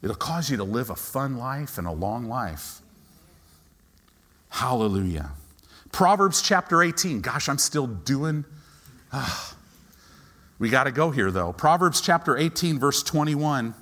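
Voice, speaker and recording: A male pastor preaching a sermon in a church sanctuary, animated, swinging between hushed asides and loud peaks. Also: mid-range voice, unhurried, long pauses. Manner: animated, dramatic shifts between hushed and shouted.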